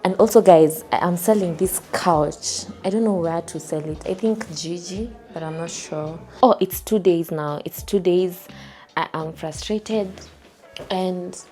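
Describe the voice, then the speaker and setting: A woman's voice: on the low side, measured pace, warm tone. A young woman with a Kenyan accent, telling a storytime vlog from her home in a chatty, repetitive way. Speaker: vlogger. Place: her home while packing to move.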